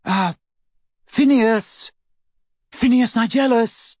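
A man's voice: high-pitched, sing-song, moderate pace, husky, no echo, clean studio sound, pitched above the performer's own voice, heavily acted. A man voicing a clever, determined young woman in a storybook reading, polite and urgent. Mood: pleading.

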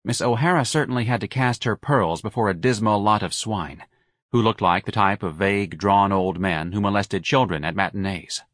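A man narrating an audiobook in a measured, wry storytelling manner. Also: fairly low pitch, fairly bright tone, no echo, studio quality. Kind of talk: scripted narration.

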